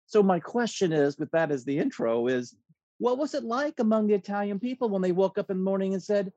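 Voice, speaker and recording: A man's voice: sits high, expressive, a little fast, mellow, dry recording, dull audio. A man hosting an interview, asking long, rambling questions in a folksy way with frequent restarts. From United States. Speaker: host.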